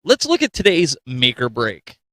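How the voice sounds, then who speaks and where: A man hosting a live show in casual chat. He is animated and self-mocking, laughs often, and says he is coming down with a cold. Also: mid-range voice, moderate pace. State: getting a cold. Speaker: show host.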